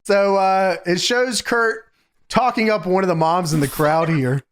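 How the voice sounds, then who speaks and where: A man's voice: high voice, unhurried, smooth. A man co-hosting a podcast who chimes in with laughing quips during a casual recap chat. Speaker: podcast co-host.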